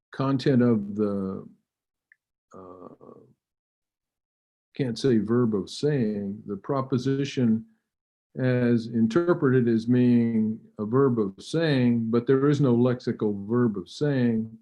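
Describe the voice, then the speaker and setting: A man giving an academic lecture, measured and halting, with fillers and occasional throat clearing. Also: medium pitch, dark tone. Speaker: linguistics lecturer. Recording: dull lo-fi recording.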